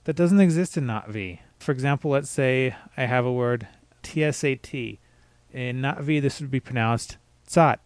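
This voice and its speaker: A man giving a scripted pronunciation lesson, spelling out words letter by letter and slowly demonstrating the sounds. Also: medium pitch, darkish tone, no echo. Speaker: language teacher.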